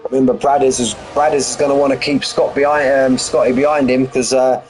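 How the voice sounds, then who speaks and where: A man's voice: medium pitch, level tone, brisk, darkish tone, slight background noise, rough recording. A man giving live race commentary in a chatty, rambling, jokey way. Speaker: sim racing commentator.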